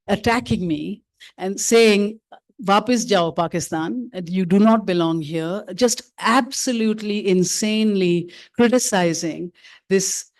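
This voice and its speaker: A filmmaker woman from India, giving a memorial lecture through reflective personal stories, pausing on fillers and restarts. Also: medium pitch, darkish tone. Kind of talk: prepared lecture speech told as personal stories.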